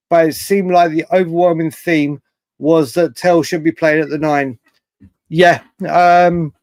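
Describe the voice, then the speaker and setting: A man's voice: a little high, no echo. A man hosting a live fan show, casually reading out viewer comments and answering them, rambling with frequent restarts. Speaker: host of a fan livestream.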